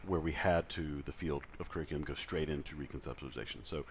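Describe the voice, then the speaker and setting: A man's voice: a bass voice, steady tone, fast talker, a little hiss or hum. A man lecturing in a conversational way, with frequent fillers and self-corrections. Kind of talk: recorded lecture.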